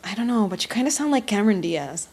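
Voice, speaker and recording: A woman co-hosting a podcast in casual chat, teasing and playful as she fires off questions. Her voice sits at an everyday middle pitch. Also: big pitch swings, quick pace, darkish tone. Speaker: podcast co-host.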